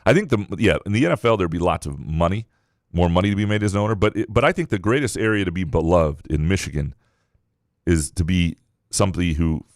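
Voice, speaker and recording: A man's voice: low voice, lively intonation, fast talker, dry recording, studio quality. A man co-hosting a sports podcast in casual chat, rambling and often restarting his thoughts. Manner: rambling, self-correcting. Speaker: podcast co-host.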